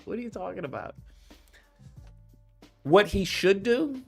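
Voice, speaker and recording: A man talks through video clips in a casual, cursing riff. His voice sits a bit high and swings widely in pitch. He keeps slipping into voices to mimic the people he mocks. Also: measured pace, creaky, soft background music. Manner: animated, profane, acts out quoted voices. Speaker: commentator reacting to clips. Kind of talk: casual reaction commentary.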